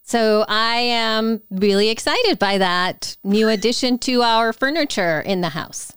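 A woman's voice: a little high, a little slow, a bit bright, clear, resonant tone, dry recording, clean studio sound. A woman co-hosting a podcast in casual chat, earnest and rambling, often correcting herself mid-sentence. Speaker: podcast co-host.

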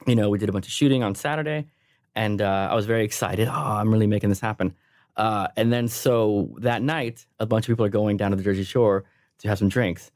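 A man in his thirties, a sound engineer guesting on a podcast, telling a funny story in a lively way and laughing often. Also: on the low side, a little fast, dry recording, studio quality. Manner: animated, laughing while telling stories. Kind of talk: casual storytelling.

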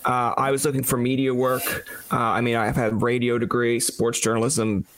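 A man's voice: medium pitch, level tone, moderate pace, fairly bright tone. A young man from Newfoundland hosting a podcast, chatting casually and acting out the conversations he retells. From Newfoundland, Canada. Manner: storytelling, acts out quoted exchanges. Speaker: podcast host.

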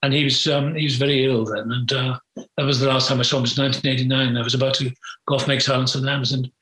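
An older man reminisces in an interview, frank and rambling, pausing often on fillers. His voice is bright and has an edge of tension. The recording carries a roomy echo. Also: mid-range voice, flat delivery. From Britain. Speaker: guest.

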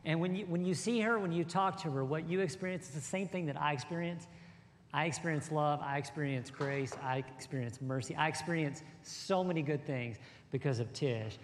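A man who is a pastor, preaching emphatically with repeated phrases and rhetorical questions to his congregation. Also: a little high. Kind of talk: sermon with interview. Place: large church sanctuary with congregation. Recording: reverberant hall, audience present.

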